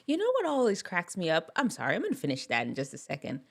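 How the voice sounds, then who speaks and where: A woman talks through a casual reaction video, rambling and laughing as she goes. Her pitch swings widely and lively throughout. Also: fast. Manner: chatty, laughs often, rambling asides. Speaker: video host.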